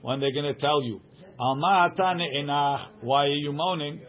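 A man's voice: fairly high pitch, moderate pace. Man talking through a text, muffled. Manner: reads aloud then translates line by line, with frequent "right?". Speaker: Talmud teacher. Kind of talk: casual study-group reading and translating. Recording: dull lo-fi recording.

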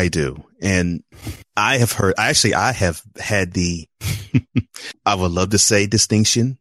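A man hosting a podcast, asking questions in a measured way with small chuckles. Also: deep voice, dry recording, clean studio sound. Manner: measured, chuckles between phrases. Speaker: podcast host. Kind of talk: casual interview conversation.

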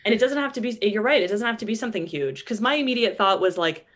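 A woman's voice: mid-range voice, expressive, fast, a bit bright. A woman in her twenties in a casual conversation, effusive and self-deprecating, and she swears casually. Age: 20s.

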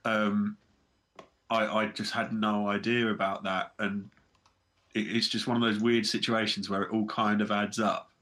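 Guy on a comedy podcast telling a spooky tale, halting, lowish voice. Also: level tone, a bit bright. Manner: storytelling, hesitant restarts. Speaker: podcast co-host. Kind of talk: casual comedy chat.

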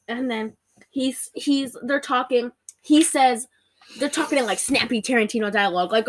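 Woman co-host with a slightly high voice, casual and animated, breaks into exclamations and acted-out lines. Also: normal speed. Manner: animated, exclaims and acts out lines with big pitch jumps. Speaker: podcast co-host. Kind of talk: casual chat recapping a movie.

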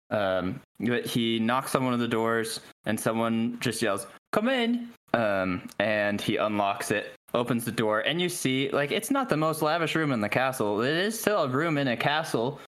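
A man narrating a tabletop game as game master, relaxed and descriptive. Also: medium pitch.

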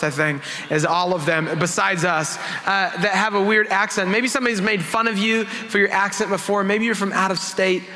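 A man with a high, bright, forceful voice preaches to his congregation in an easygoing, storytelling way. His words ring out with a long reverb through the church hall. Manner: conversational, self-deprecating storytelling. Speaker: worship pastor. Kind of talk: sermon with personal stories. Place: church sanctuary.

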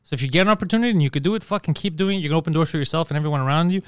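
A man's voice: fairly high pitch, rapid-fire, smooth, no echo. A man hosting a casual podcast chat, blunt and emphatic and swearing freely as he makes his points. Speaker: podcast host.

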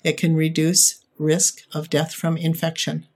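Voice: medium pitch, monotone, measured pace. An upbeat, encouraging podcast host giving parents tips in a monologue.

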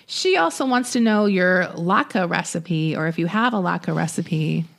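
Relaxed, slightly low-voiced woman podcaster. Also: a little slow, gravelly. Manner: relaxed, loose, filler-heavy with many uhs and likes. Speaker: podcast co-host. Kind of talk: casual chat, reading news stories aloud.

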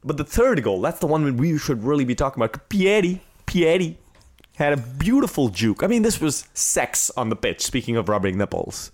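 A man's voice: on the high side, normal speed. A man hosting a casual sports podcast, joking crudely and ranting with energy. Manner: crude joking, animated rants. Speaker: podcast host.

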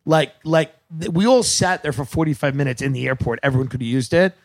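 A man's voice: on the high side, quick pace, no room sound, studio quality. A man, a guest comedian telling stories in casual chat backstage, acting out other people's voices and laughing mid-story. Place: backstage at a theatre.

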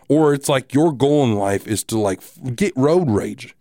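A man hosting a podcast, telling a story in a casual, animated, profane and wry way. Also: medium pitch, measured pace, hardly any pauses, dry recording, clean studio sound. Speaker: podcast host.

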